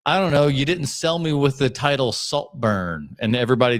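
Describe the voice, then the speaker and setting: A man's voice: medium pitch, animated, a little fast, hardly any pauses. A man hosting a podcast, riffing sarcastically and swearing as he reacts live to video clips. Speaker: podcast host.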